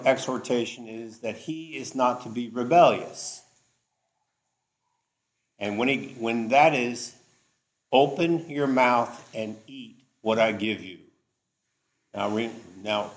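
A man teaching a Bible study, explaining scripture deliberately and checking in with the class. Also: mid-range voice. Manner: slow, deliberate, checks in with "okay?".

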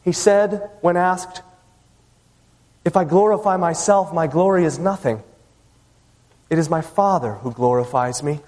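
High-voiced preacher in a reverberant hall. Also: male voice, a little slow, long pauses, darkish tone. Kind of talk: sermon.

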